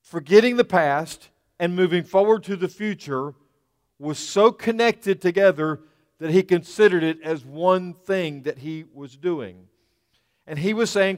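A man delivering a sermon in a smooth, resonant voice pitched a little high. He preaches earnestly, repeating key words for emphasis. His voice rings with a long reverb, as if in a church hall. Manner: earnest, repetitive preaching with restarts and emphatic pauses. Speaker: pastor.

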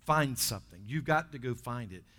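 A man preaching to his congregation. He swings from loud, lifted bursts down to quiet, low asides. His voice sits at an ordinary middle pitch. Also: expressive, brisk. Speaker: pastor. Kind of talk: sermon.

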